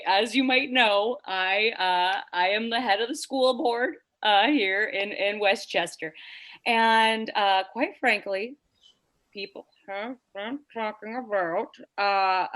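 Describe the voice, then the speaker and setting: A woman's voice: medium pitch, a bit bright. Rambling, hesitant woman. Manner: rambling, hesitant, full of fillers. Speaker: improv performer playing a school board head. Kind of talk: improvised comedy. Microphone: video call.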